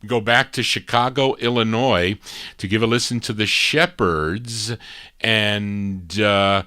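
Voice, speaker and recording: A man's voice: on the low side, takes it slowly, bright, forceful tone, clear, resonant tone, no room sound, clean studio sound. A middle-aged man hosting a live oldies record show, talking casually in a chatty, self-deprecating way. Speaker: radio DJ host.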